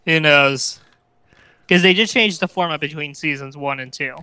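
A man's voice: a little high, moderate pace, bright, forceful tone, clean tone, no room sound. A man co-hosting a casual chat, eager and often restarting his sentences. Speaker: podcast co-host.

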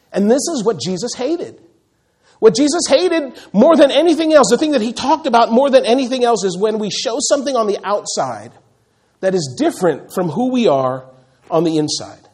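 A male pastor preaching a sermon in an animated way, acting out the voices he quotes and repeating words as he builds a point. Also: high-pitched, normal speed, husky.

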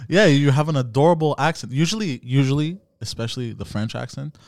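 A man's voice: medium pitch, lively intonation, brisk, a little mellow, no room sound, studio quality. A man hosting a podcast, chatting casually in a teasing, stammering way and swearing freely. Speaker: podcast host. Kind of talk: casual chat.

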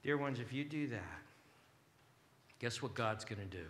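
Impassioned preacher man, bright voice. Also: mid-range voice, a little slow, a little hiss or hum. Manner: impassioned preaching, swinging from hushed whispers to shouted pleas. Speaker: pastor. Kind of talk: sermon.

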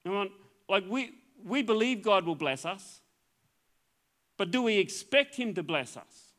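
A man's voice: high-pitched, animated, unhurried, fairly bright tone. An Australian man, a middle-aged pastor, preaching a sermon in an earnest way, often repeating words and restarting phrases. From Queensland, Australia.

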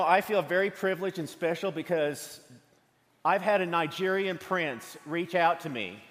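Guy pastor with a high voice cracking jokes in his sermon, big echoey church hall. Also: fairly bright tone. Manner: humorous, storytelling. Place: church sanctuary. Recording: long hall reverb from a church sanctuary.

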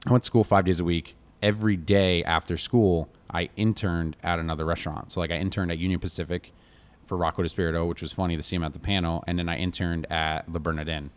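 Fast-talking deep-voiced American man. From Connecticut, USA. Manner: rambling, animated storytelling, many fillers like "like" and "you know". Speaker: chef, guest. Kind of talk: casual storytelling interview.

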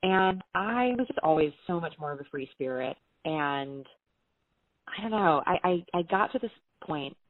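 A woman's voice: low voice, moderate pace, no room sound. A woman from the American South, a writer telling stories from her career in casual conversation and acting out quoted dialogue. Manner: animated, acts out quoted dialogue. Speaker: guest writer. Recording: tinny phone-like line.

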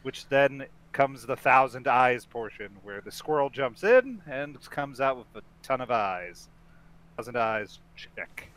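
A podcast co-host recaps a film scene by scene in casual chat, his medium-pitched voice bright and forceful. He's animated but measured, laughing often, restarting sentences and rambling good-naturedly.

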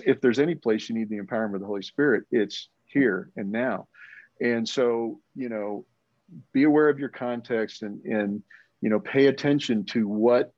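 A man's voice: medium pitch, darkish tone, dry recording. Male church leader, earnest storyteller, restarts often, muffled lo-fi dry recording. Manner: earnest, rambling, full of restarts. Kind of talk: conversational storytelling. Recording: muffled lo-fi audio.

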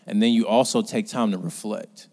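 Male preacher, low voice, conversational sermon with loud urgent peaks, hall reverb. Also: steady tone, normal speed.

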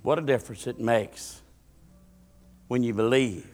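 A male pastor, preaching a sermon as a storyteller whose voice climbs loud and high at the peaks. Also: measured pace.

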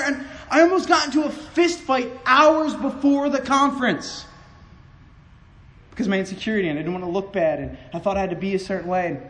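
Young male preacher, high voice, passionate testimony with stumbling restarts, swings from loud to quiet. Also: fairly quick, low-quality recording. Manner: impassioned, stammering restarts, swings from loud to hushed. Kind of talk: sermon testimony.

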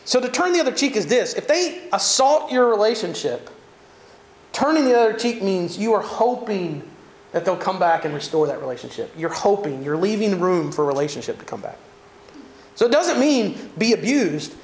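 Man, Southern American accent, pastor, conversational sermon, high pitch, echoey room. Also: normal speed. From Southern United States. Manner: animated, conversational preaching with jokes and asides.

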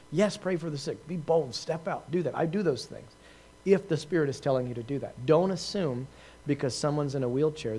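A man's voice: mid-range voice, warm tone, a little hiss or hum. A man giving an informal talk to a group, telling a story in a conversational way with many fillers, restarts and laughs at himself. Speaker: preacher answering questions.

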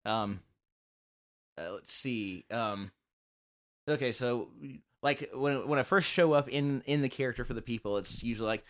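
A man, an escape room game master, chatting as a guest on a podcast, halting and restarting often. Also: medium pitch, no room sound, clean studio sound. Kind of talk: casual podcast interview.

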